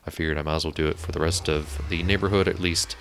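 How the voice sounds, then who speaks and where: A young gaming YouTuber from Indiana, USA, speaks fast in a very deep, fairly even voice that's a bit bright, with a little hiss or hum. He chats and rambles through gameplay and startles easily.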